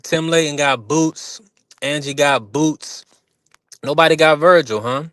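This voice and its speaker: A man hosting a casual livestream panel, relaxed and laughing, throwing out shout-outs in slang. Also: fairly high pitch, unhurried, no echo. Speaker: host.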